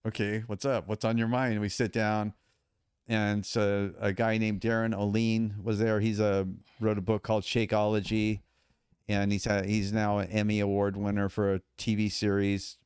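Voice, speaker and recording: A man's voice: fairly low pitch, moderate pace, smooth, no echo, studio quality. A middle-aged man as a podcast guest, telling his story casually and acting out what others said. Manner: animated, acts out quotes of others.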